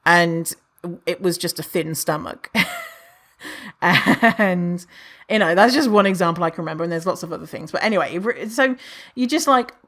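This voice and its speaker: A woman hosting a solo podcast, chatty and animated, who swears freely and acts out what people say in a higher voice. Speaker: podcast host. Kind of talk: casual solo podcast monologue.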